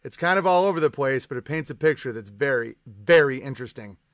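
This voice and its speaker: A man's voice: medium pitch, animated, fast, no room sound, clean studio sound. Profane, ranting streamer, a man. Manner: profane, sarcastic and combative. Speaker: live-stream host reading chat. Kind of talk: ranting live-stream commentary.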